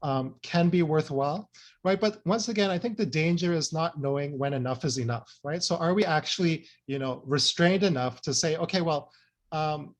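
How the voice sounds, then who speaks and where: A man's voice: fairly high pitch, moderate pace. A man giving an academic presentation, earnest and loose, with many fillers and frequent "right?" checks. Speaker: speaker presenting a talk.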